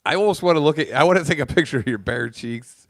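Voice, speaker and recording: A man co-hosting a casual podcast, crude and joking, who talks loud and acts out voices. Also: a little high, fast talker, vocal fry, dry recording, studio quality. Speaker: podcast co-host. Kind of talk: casual chat.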